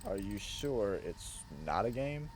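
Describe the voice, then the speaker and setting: A man's voice: lowish voice, sing-song, takes it slowly, a little mellow, a little hiss or hum. A man giving casual, laid-back gameplay commentary with slangy asides as a gaming YouTuber.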